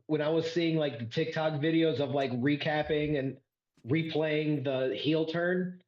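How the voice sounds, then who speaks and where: Guy co-hosting a wrestling podcast, slow earnest talk, lotta "like", echoey dull mic. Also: on the high side, a little mellow. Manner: earnest, slow, builds arguments with "like" and quoted lines. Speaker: co-host. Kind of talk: casual wrestling review chat. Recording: roomy, slightly dull mic.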